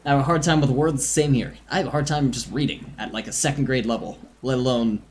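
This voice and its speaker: A game streamer chatting casually on a live stream, self-mocking and quick to laugh, between stretches of reading game text aloud. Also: mid-range voice.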